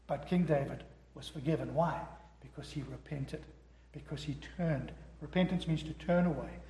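A man's voice: a little high, moderate pace, mellow, a little hiss or hum. A man preaching a sermon to a congregation, emphatic and acting out the quoted dialogue in his own voice. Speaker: pastor. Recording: echoey hall.

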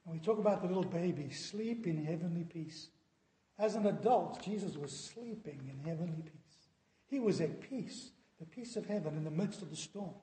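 High-sitting and dark in tone, a pastor's voice rings through a reverberant church hall with a long echo. He's delivering a sermon, sincerely asking the congregation questions.

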